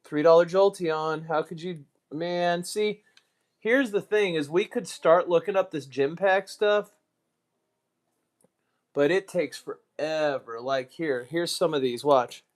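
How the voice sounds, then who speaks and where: A man's voice: fairly high pitch, takes it slowly. American guy rambling on a live stream, muttery asides, laughs at himself. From United States. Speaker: streamer, card collector. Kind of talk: casual live-stream commentary.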